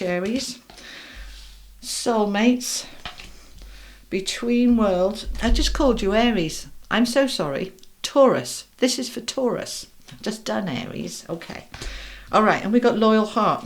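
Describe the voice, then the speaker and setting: A woman's voice: medium pitch, slight background noise. A middle-aged woman giving a casual tarot reading, chatting to viewers in an upbeat way and speaking straight to them. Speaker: tarot reader.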